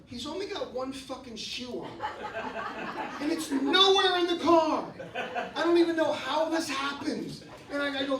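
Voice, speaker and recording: A man in his fifties telling stories in a stand-up comedy set, breaking into shouted rants. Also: extremely high pitch, lively intonation, moderate pace, a crowd in the background. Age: 50s. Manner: storytelling, bursts into shouted rants. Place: comedy club stage. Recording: roomy club sound from a distance. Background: audience laughing.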